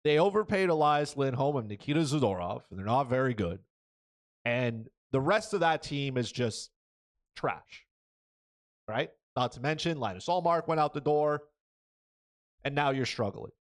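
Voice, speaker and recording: A man's voice: mid-range voice, animated, moderate pace. Blunt opinionated male podcast host. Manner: blunt, frequent "right?" and "okay?" tags. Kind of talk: opinionated sports commentary.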